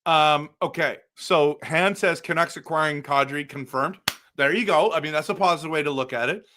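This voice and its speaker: A man hosting a casual live stream for viewers, excitable and exasperated, breaking into loud outbursts. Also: a little high, moderate pace, slight background noise. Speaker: livestream host.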